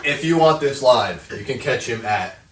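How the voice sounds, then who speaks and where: A man's voice: medium pitch, lively intonation, moderate pace, a bit bright. A man hosting a podcast, joking and laughing often as he steers the casual chat. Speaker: podcast host. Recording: echoey room, distant mic.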